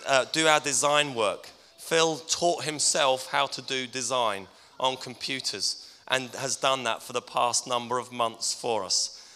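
A middle-aged pastor speaks in a chatty, gently teasing way from the front of a church. His voice is bright and crisp, and it rings out with a long reverb through the hall. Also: mid-range voice. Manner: warm-hearted, teasing, conversational preaching. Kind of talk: farewell tribute in a sermon.

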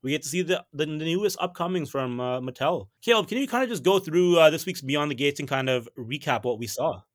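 A man's voice: fairly high pitch, lively intonation, a little fast, dry recording, clean studio sound. A young man hosting a podcast, chatting enthusiastically and speaking directly to his listeners. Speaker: podcast host. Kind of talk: casual chat.

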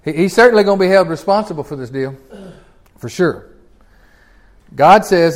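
A folksy man with a drawl teaches scripture to a small group. His voice sits high for a man, and his delivery is animated and conversational, broken up by chuckles and restarts. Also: normal speed, long pauses. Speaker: pastor teaching a Bible class.

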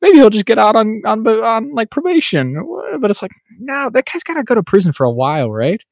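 A man's voice: sits high, fairly quick, no echo, clean studio sound. A man co-hosting a podcast in casual chat, rambling and laughing as he talks. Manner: rambling, animated, laughs often. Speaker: podcast co-host.

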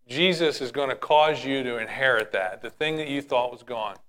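A man's voice: mid-range voice, normal speed, fairly bright tone. A man teaching from a Bible passage, reading a verse and then explaining it in plain, direct words. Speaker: preacher.

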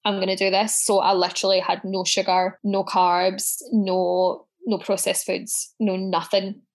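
A woman as a podcast guest, telling stories in a lively way and swearing as she goes. Her voice sits in a middle pitch, and she acts out what she said back then with plenty of drama. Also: measured pace. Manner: animated storyteller, swears freely, acts out her own quotes. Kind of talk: casual chat.

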